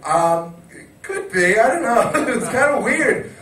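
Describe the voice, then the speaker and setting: A man's voice: extremely high pitch, a little slow, roomy sound, distant mic, music in the background, rough recording. A man on a chat show, telling a story casually, laughing and acting out quotes. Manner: animated, laughing, acts out quotes. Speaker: wrestling chat show guest.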